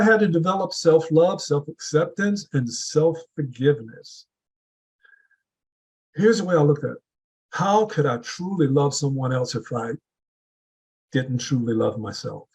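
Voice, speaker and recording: A man giving a deliberate motivational speech to a club audience, building his points with repeated rhetorical questions. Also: fairly high pitch, slightly rough, poor audio. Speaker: club speaker.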